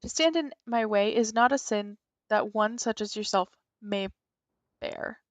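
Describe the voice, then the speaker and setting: A woman's voice: medium pitch, measured pace, no echo, close to an everyday voice. A woman voicing a proud, grandiose female spirit guardian in a video game, speaking in a pompous, theatrical formal manner.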